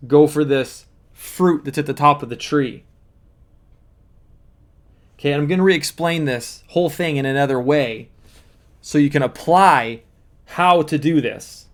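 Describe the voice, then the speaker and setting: A man speaking as a manifesting coach, explaining step by step in an earnest teaching monologue with repeated emphasis. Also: a little high.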